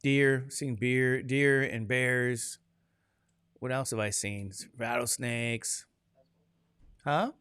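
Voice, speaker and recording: A man's voice: medium pitch, slow, long pauses, fairly bright tone, smooth, no room sound, clean studio sound. A man teaching a classroom lecture, chatty and digressive, asking the class questions as he goes.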